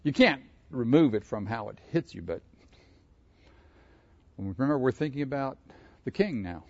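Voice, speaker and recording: A man's voice: medium pitch, big pitch swings, moderate pace, a little mellow, dull audio. A man preaching a sermon, asking his congregation questions and laughing between his points. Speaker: pastor. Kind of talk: interactive sermon.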